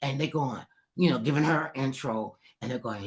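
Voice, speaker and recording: A middle-aged woman spins a lively personal story and acts out every voice and line of dialogue as she goes. Her speaking voice sits on the low side for a woman but swoops widely up and down in pitch. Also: fairly quick. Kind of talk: animated anecdote telling.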